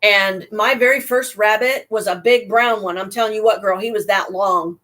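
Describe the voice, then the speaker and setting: A woman's voice: mid-range voice, steady tone, moderate pace, a bit bright. A woman telling personal stories casually, rambling and heartfelt, with frequent restarts and asides. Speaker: storyteller addressing a listener.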